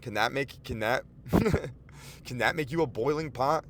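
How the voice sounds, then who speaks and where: A man in his twenties giving a rambling, animated comic monologue from inside his car, swearing often. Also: medium pitch, a little slow, a little hiss or hum. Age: 20s. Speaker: podcast host. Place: inside a car while driving and parking.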